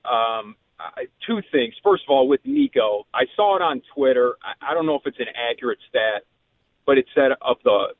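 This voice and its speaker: A man calling in to a sports radio show from a cell phone, sounding frustrated and apologetic, with halting restarts. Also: mid-range voice, sing-song, dry recording. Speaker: caller. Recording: tinny cell phone line.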